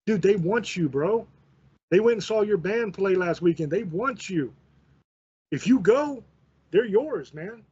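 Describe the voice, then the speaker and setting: A man's voice: high voice, lively intonation, a little slow, darkish tone, slightly rough, full character voice. A man putting on the voice of a pushy young male buddy who urges and scoffs in disbelief. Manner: urging, incredulous. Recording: dull lo-fi recording.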